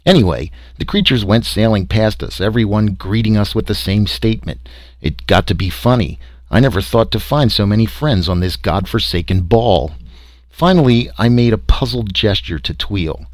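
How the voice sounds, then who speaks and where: A man's voice: on the low side, moderate pace, no room sound. A man reading a first-person story aloud in a wry, conversational manner. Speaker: audiobook narrator.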